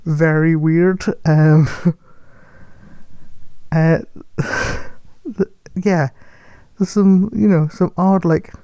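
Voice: medium pitch, steady tone, drawn-out words, pauses often, mellow, no echo. A person chatting casually about a film, rambling, correcting themselves and laughing often. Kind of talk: casual film review chat.

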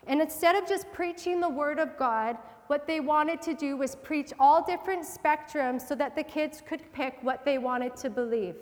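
A woman's voice: sits high, in a large hall. A woman telling a personal story in a sermon, acting out her own reactions with lots of feeling. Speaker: Christian speaker.

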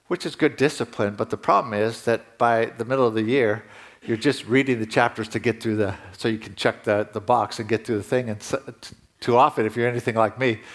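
A man's voice: medium pitch, a bit bright. Conversational male pastor preaching. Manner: conversational preaching, rising emphatically at key points. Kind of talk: sermon.

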